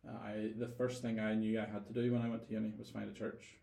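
A man's voice: lowish voice, flat delivery, quick pace, vocal fry, warm tone, echoey room. A man with a Northern Irish accent, a guest telling stories in a casual interview, thoughtful and often repeating words as he gathers his thoughts. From Northern Ireland.

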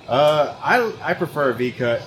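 A man's voice: a little high, big pitch swings, normal speed, fairly bright tone. Hesitant, easygoing Texan man, noisy backdrop. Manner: easygoing, hesitant with many ums. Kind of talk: casual chat. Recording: clear background noise.

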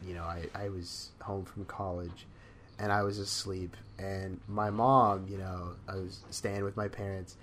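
A man's voice: sits low, level tone, measured pace, fairly bright tone, slight background noise. A young man co-hosting a podcast, telling stories in a rambling, casual way with lots of fillers and laughter. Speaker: podcast co-host. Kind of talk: casual chat, storytelling.

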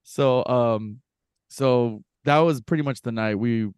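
A man's voice: mid-range voice, slow, smooth, dry recording, studio quality. A man co-hosting a casual podcast, telling a story with lots of laughs and swearing, acting out what people said. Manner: animated storyteller, laughs often, swears, acts out quotes. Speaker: podcast co-host. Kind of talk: casual chat.

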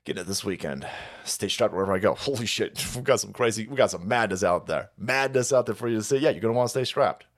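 A man's voice: fairly low pitch, fast. A man hosting a livestream, ranting profanely and mockingly in political commentary. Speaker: livestream host.

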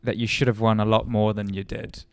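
A man's voice: on the low side, level tone, fairly quick, clean tone. A young man and racing driver co-hosting a podcast in casual, joking banter. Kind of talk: casual chat.

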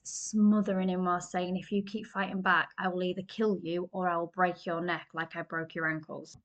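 A woman's voice: on the low side, gravelly, fairly bright tone. A woman hosting a true crime podcast, telling the story conversationally with fillers and personal asides.

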